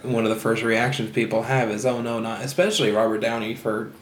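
A man's voice: fairly low pitch, little pitch movement, fairly quick, slight background noise. A man co-hosting a casual podcast, making points in a matter-of-fact way. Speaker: podcast co-host. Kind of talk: casual chat. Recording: roomy echo, faint ambience.

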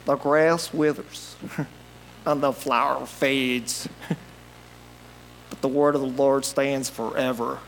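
A man putting on a slow, drawling Southern pastor. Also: medium pitch, steady tone, gravelly, slight background noise, pitched below the performer's own voice, rough recording. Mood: solemn. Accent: Southern US (put on).

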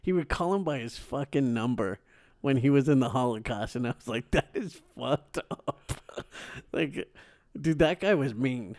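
Giggly, lively-voiced male podcast co-host. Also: mid-range voice, moderate pace. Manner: giggly, blunt, swears freely. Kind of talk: casual chat.

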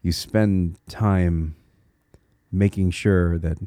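A low-pitched man with a warm, mellow tone hosts a solo podcast, reflective and earnest as he encourages his listeners. He thinks aloud, restarting small phrases now and then. The sound is dry, with no room echo. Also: fairly even intonation, very slow. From Connecticut, USA. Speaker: podcast host.

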